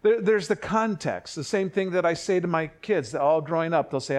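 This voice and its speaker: An older man preaching a sermon in a conversational way, with family anecdotes and quick self-corrections. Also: on the high side, a little mellow. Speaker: pastor.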